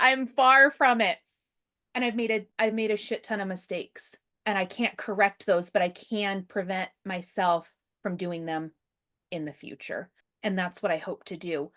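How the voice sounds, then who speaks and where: A woman talking in a relaxed podcast conversation, earnest and candid about parenting. Her voice sits at a middling pitch, and she keeps checking in with "right?" and "you know" as she goes. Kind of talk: casual conversation.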